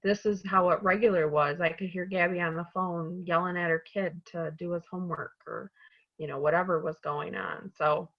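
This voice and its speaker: A woman's voice: lowish voice, fairly even intonation, normal speed, lo-fi sound. A woman on the staff of a community college, speaking earnestly and from the heart in a webinar panel discussion over a video call.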